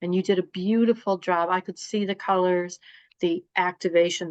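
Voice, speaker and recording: A woman giving a spiritual astrology talk, rambling and halting with many fillers. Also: lowish voice, fairly even intonation, dry recording. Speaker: astrology reader. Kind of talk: spiritual live-stream talk. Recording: dull dry lo-fi sound.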